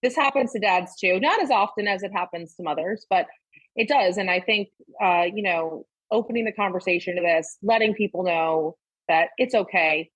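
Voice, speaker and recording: Candid mom guest with a breathy voice. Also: female voice, mid-range voice, moderate pace, no room sound, poor audio. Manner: candid, swears freely, lots of "like". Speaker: podcast guest. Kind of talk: casual chat.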